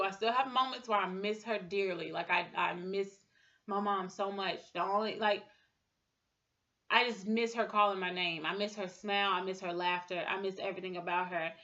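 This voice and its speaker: Halting woman in her thirties, bright voice. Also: medium pitch, steady tone, dull audio. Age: 30s. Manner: halting, heavy with fillers and restarts. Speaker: speaker sharing a personal testimony. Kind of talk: emotional personal testimony.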